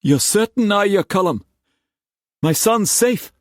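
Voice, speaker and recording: A man voicing an anxious, excitable middle-aged merchant uncle in an audiobook, speaking raised and urgent. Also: sits high, unhurried, no room sound, clean studio sound, voice pushed up. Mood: anguished. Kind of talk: audiobook character voice.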